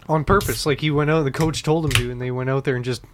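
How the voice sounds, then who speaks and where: A man's voice: on the high side, background noise. A man chatting on a comedy podcast, with a voice that sits a little above the usual for men. He rambles through stories, stacks up fillers and keeps breaking into laughter. His jokes are crude and loose. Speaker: podcast co-host. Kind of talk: casual comedy chat.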